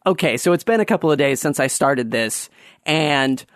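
A man's voice: mid-range voice, moderate pace, no room sound, clean studio sound. Rambling man telling a podcast story. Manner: rambling, with many fillers and restarts and animated swings when telling a story. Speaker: podcast host. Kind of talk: casual storytelling monologue.

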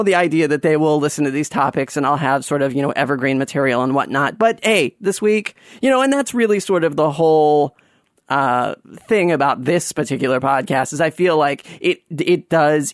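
A man hosting a podcast, telling a rambling, animated story with many fillers and restarts. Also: on the high side, moderate pace, no echo, clean studio sound. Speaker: podcast host. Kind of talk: casual storytelling monologue.

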